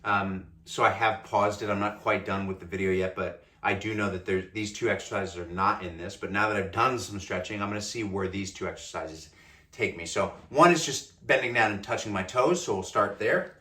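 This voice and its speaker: A man's voice: on the low side, fairly quick, bright, forceful tone, roomy sound. A man with an Australian accent, filming a casual workout vlog, whining and groaning as he strains through stretches, a bit out of breath. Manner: whiny, self-mocking, groaning through stretches. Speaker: fitness vlogger.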